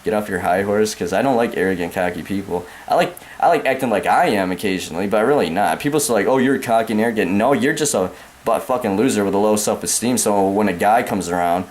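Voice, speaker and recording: A young American vlogger with a fairly low voice talks fast in an angry rant to camera. He's profane and repetitive, addressing the listener as man and dude.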